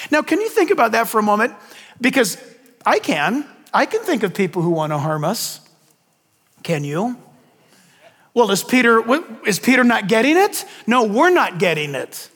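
A man's voice: very high-pitched, big pitch swings, moderate pace, fairly bright tone, in a large hall. An older man preaching a sermon to his congregation, asking them questions and adding folksy asides about grandchildren. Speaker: pastor.

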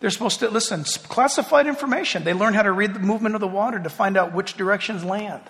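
A man preaching a sermon with animated delivery, swinging from hushed asides to loud exclamations. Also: high-pitched, fast. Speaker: pastor. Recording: reverberant hall.

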